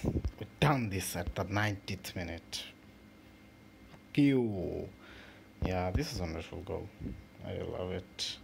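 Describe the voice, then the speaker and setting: A man hosting a mobile football game channel, giving casual, excitable commentary with swearing and halting restarts over his own play. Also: low-pitched, creaky. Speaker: gaming channel host. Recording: noisy home recording.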